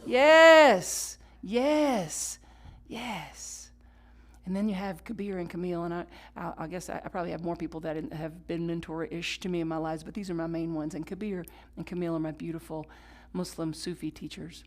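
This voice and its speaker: A woman pastor preaching a sermon, swinging from loud emphatic lines to hushed whispers and leading call-and-response. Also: fairly low pitch, flat delivery, quick pace, hardly any pauses. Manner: leads the congregation in call-and-response; conversational, with laughs and asides.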